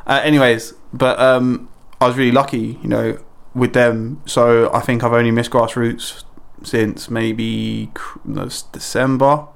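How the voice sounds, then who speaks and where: A man's voice: mid-range voice, level tone, unhurried, creaky, few pauses. A man on a podcast talking casually and a little hesitantly about his season. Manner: hesitant, rambling. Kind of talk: casual chat.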